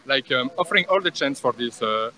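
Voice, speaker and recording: A man with a French accent, interviewed outdoors on a university plaza, speaking haltingly and searching for English words with many fillers. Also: mid-range voice, expressive, pushed and bright, low-quality recording. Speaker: passerby being interviewed. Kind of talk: street debate interview.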